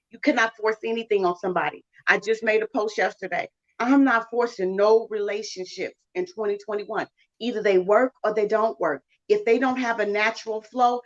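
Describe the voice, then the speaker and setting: A woman talking about faith and relationships in a preachy, emphatic way, with big swings in pitch. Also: highs cut off. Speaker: guest speaker. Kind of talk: casual preachy chat.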